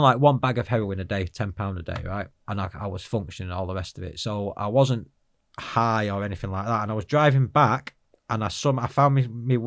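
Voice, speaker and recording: A man's voice: fairly low pitch, a bit bright, no echo. A man speaking as an interview guest, telling his life story in an earnest, frank and rambling way.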